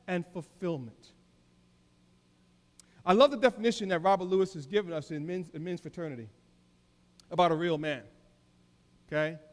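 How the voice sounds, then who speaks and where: A middle-aged man preaching a keynote sermon, emphatic, swinging between loud declarations and soft asides. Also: high-pitched. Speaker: keynote speaker. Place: large hall. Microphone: handheld mic. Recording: live in a reverberant hall.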